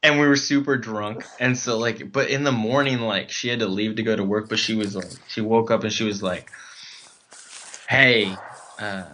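A man's voice: lowish voice, steady tone, fairly quick, hardly any pauses, a bit bright. A man telling a comic dating story in casual chat, rambling with many fillers and restarts.

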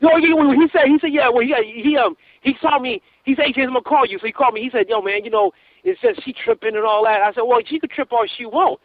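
High-voiced man ranting over a tinny phone. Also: quick pace, dry recording. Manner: animated storytelling, repetitive, restarts. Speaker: caller. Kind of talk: casual phone call. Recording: tinny phone line, dry.

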